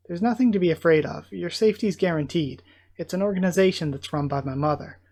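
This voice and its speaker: A man reading as a calm, reassuring border captain. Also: high voice, quick pace.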